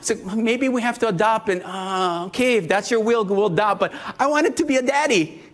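A man's voice: high voice, moderate pace, a bit bright. A man in his fifties preaching a sermon, talking conversationally, joking and asking the congregation questions. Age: 50s. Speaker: pastor.

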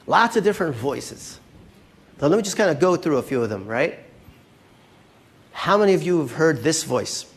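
A man preaching a sermon as a pastor, conversational and animated, often checking in with his listeners. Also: fairly high pitch, moderate pace, long pauses.

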